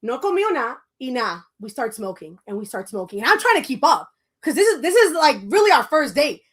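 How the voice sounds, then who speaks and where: A woman's voice: high voice, brisk, husky. A woman co-hosting a podcast, telling a story in casual chat and switching between English and Spanish mid-sentence. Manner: animated storyteller who acts out quoted lines. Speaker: podcast co-host.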